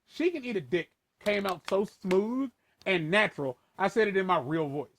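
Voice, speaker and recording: A man talking casually and rambling with lots of profanity, shifting between a playful voice and a lower, more formal one. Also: lively intonation, moderate pace, slight background noise. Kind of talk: casual chat.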